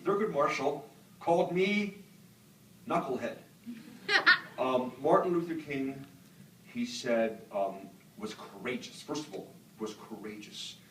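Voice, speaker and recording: A man's voice: medium pitch, distant mic, a little hiss or hum. A middle-aged man from the northern United States speaking as an author to students, telling reflective stories with frequent "um" fillers. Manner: reflective storyteller, many "um" fillers. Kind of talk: lecture talk with audience Q&A. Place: university lecture hall. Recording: echoey hall picked up from afar.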